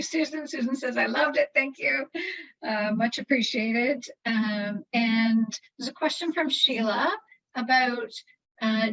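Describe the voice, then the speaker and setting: A woman's voice: on the high side, a bit bright, muffled recording. A woman moderating a virtual Q&A, politely thanking the speaker and reading out audience questions. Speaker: event moderator.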